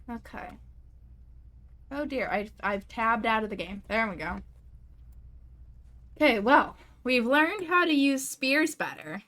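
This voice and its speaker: A young woman talks her way through a video game in a relaxed, unhurried way. Her voice sits slightly high, and she's easily spooked, yelping and apologizing to the creatures around her. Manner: chatty, easily startled, squeals and apologizes to creatures. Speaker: gamer. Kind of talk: casual let's-play commentary.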